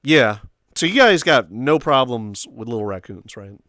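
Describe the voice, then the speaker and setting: A young man hosting a casual chat with friends, telling stories with animated quoting and loud shrieked impressions. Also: medium pitch, a little slow, no echo, studio quality. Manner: animated storytelling, acts out quotes in squeals and shrieks. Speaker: host.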